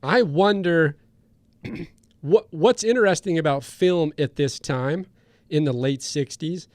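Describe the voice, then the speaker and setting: Man, fairly high voice, dry close mic, casual film chat, animated retelling. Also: slow, dry recording. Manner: animated retelling of scenes, frequent restarts. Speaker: podcast co-host.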